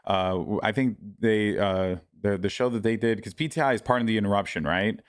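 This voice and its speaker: A man's voice: lowish voice, a little fast, clean tone, no echo, studio quality. A man co-hosting a podcast in casual chat, rambling and restarting his sentences with lots of fillers. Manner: rambling, self-interrupting with many fillers. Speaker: podcast co-host.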